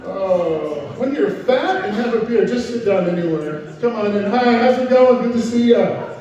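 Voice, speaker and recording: A man's voice: high voice, expressive, normal speed, noisy background. A middle-aged man doing stand-up comedy at a live venue, chatting with the crowd in a self-deprecating way. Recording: echoey room, distant muffled mic.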